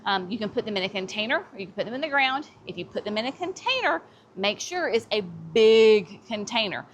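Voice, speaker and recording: Brisk and lively in intonation, her higher voice carries a touch of hiss or hum. She's touring a garden center's plants casually, full of chatty enthusiasm and frequent "y'all"s.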